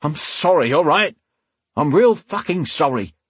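Man putting on a raised, growly street thug voice, husky and spitting mad, audiobook. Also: animated, measured pace, no room sound, exaggerated voice. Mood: bitter, growling. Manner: spitting, growling, higher and harsher than the narrator. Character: rough, bitter male street thug. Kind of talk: audiobook character voice.

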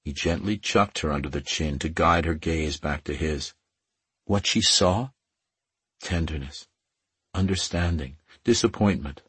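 A man narrating an audiobook in a measured, softly emotive reading. His voice sits very low and sounds husky. The recording is dry and close. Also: dry recording.

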